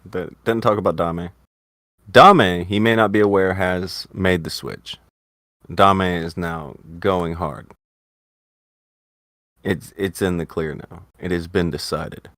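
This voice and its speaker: A man's voice: deep voice, steady tone, slow, long pauses, a bit bright, dry recording, clean studio sound. A man hosting a casual livestream commentary show, wry and needling, swearing casually as he riffs on online drama. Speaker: stream host.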